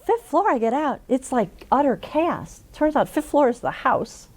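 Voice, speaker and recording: A woman's voice: high-pitched, animated, moderate pace, a little mellow. A middle-aged woman in an oral history interview, telling a funny story with frequent laughs. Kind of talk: conversational storytelling.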